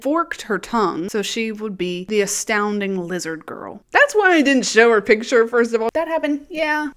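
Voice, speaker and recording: A woman talks through a TV show's plot in a loose, chatty way. She swears casually and laughs freely, at a middling pitch. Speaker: TV series recapper.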